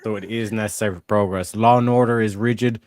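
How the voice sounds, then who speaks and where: A man in an online debate call, preachy and teasing, quick to interrupt. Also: lowish voice, fairly even intonation, darkish tone, no echo, studio quality.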